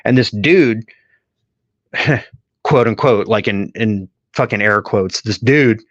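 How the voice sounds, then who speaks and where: A man's voice: lowish voice, takes it slowly, fairly bright tone, no echo. A man on a casual podcast, telling long profane stories in a rambling way. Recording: dull lo-fi audio.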